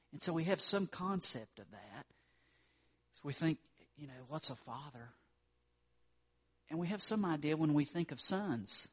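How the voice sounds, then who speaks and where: A man's voice: on the high side, breathy edge. A man preaching a sermon as pastor, earnest, lifting his voice for emphasis.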